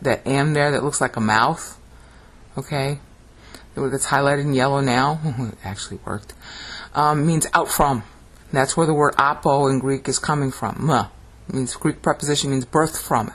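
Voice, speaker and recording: A Bible language teacher giving a video lesson, explaining word by word, often checking in with "okay?" and chanting ancient phrases with dramatic rising emphasis. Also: medium pitch. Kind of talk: video lesson on screen slides.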